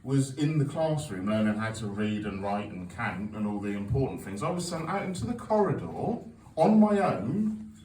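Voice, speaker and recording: A man in his forties does stand-up at a comedy club, telling sweary stories at his own expense while the audience laughs. His low, slightly mellow voice swings widely in pitch at a moderate pace with few pauses. The audio is echoey and distant, with a little hiss or hum.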